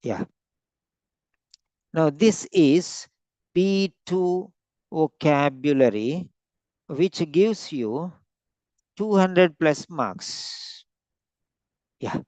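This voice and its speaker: A man teaching vocabulary in an online lesson, slowly repeating and stretching out each word for emphasis. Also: fairly high pitch, expressive, a little mellow, no echo. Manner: slow, repeats words, stretches them out to stress them. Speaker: English teacher.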